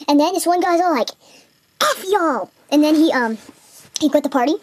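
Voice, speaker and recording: A teenage girl with a fairly high voice tells a game story while she draws. She rambles, restarts and fills gaps with ums. A faint hiss sits under the recording. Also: quick pace, a little mellow. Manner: rambling, lots of fillers and restarts. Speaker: video maker retelling a game. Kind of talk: casual storytelling while drawing.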